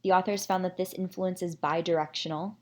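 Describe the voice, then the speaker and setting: Lower-voiced woman presenting research. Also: fairly even intonation. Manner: measured, explanatory, with occasional fillers. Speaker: presenter summarizing a research paper. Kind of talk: scripted academic presentation.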